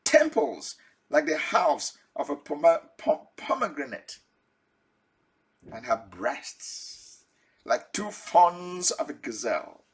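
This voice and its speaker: A man's voice: mid-range voice, sharp tone, slightly rough. A man preaching a Bible teaching sermon, asking his listeners direct questions and chuckling now and then.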